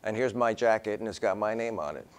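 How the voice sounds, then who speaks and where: A man's voice: fairly low pitch, fast, slight background noise. A man in his sixties, a professor telling a personal story to his class in a conversational, wry way, acting out the dialogue as he goes.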